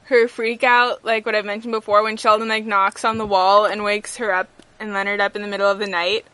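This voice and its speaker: A woman's voice: mid-range voice, flat delivery, brisk, pushed and bright, clean tone, no room sound. A young woman co-hosting a podcast in casual chat, gushing over favorite moments with many "like"s and "um"s. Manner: gushing, filler-heavy recounting of favorite moments. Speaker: podcast co-host.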